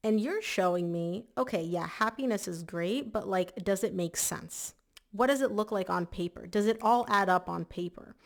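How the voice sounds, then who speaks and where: Chatty woman tarot reader, a bit hoarse. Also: mid-range voice, moderate pace. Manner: chatty, emphatic, repeats words for stress. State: slightly hoarse, clearing her throat. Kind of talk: casual monthly tarot reading.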